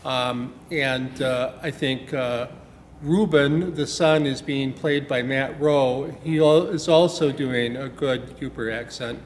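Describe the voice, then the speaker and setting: A Wisconsin play director speaks slowly in a mid-range, fairly even voice during a casual interview, rambling with lots of fillers and restarts. He's on a small-town theater stage, and the hall is echoey with faint noise.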